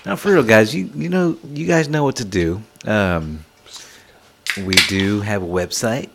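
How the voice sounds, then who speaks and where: A man co-hosting a podcast, relaxed and joking in casual talk. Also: on the low side, unhurried, vocal fry, noisy background. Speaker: podcast co-host. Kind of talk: casual chat.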